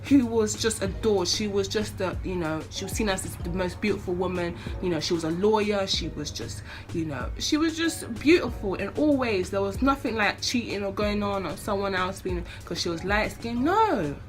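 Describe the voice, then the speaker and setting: A woman's voice: mid-range voice, expressive, moderate pace, few pauses, soft background music. A young woman vlogger delivering an impassioned, swearing rant to camera, getting more fired up as she talks. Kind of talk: casual opinion rant to camera.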